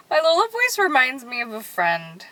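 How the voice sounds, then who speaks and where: A woman's voice: sits high, bright, forceful tone, no echo, low-quality recording. A young woman vlogging casually to her viewers from a parked car at night, bubbly and chatty, sometimes dropping to a whisper. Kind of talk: casual rambling chat to viewers.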